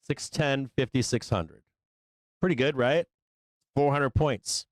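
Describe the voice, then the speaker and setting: A man hosting a live stock market show, talking through trades in a loose, profane, excitable way. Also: mid-range voice, slow, no room sound. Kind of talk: live trading commentary.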